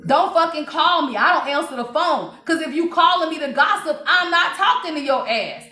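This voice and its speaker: High, sharp-voiced profane woman reader. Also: expressive, moderate pace, echoey room. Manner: blunt, profane, preachy, laughs often. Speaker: spiritual reader. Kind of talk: livestream reading recap.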